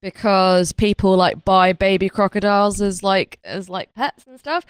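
A woman's voice: medium pitch, unhurried, clear, resonant tone, dry recording. A woman co-hosting a podcast, chatting casually and comedically about a film, sweary and rambling with lots of "like" fillers. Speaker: podcast co-host.

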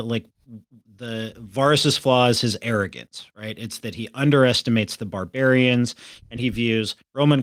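A man's voice: medium pitch, fairly bright tone, no echo. A man co-hosting a podcast, analysing a TV series in a casual way with filler words. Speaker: podcast co-host.

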